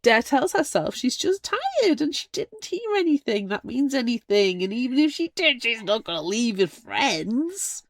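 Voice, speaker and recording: A woman co-hosting a casual book podcast, playful, recapping the plot and reacting with quick interjections. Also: a little high, sing-song, no room sound, studio quality. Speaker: podcast co-host.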